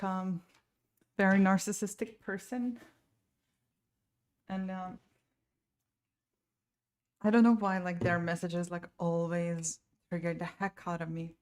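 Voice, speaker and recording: A woman with a fairly low voice talks loosely to her live-stream viewers from home. She rambles and restarts her sentences, and her exasperation keeps spilling over as she vents. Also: a little mellow. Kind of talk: casual live-stream chat.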